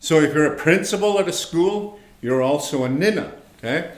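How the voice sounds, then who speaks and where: A man teaching an online language class, speaking slowly and patiently, repeating words and checking in with his students. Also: on the high side, lively intonation, reverberant. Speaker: language instructor.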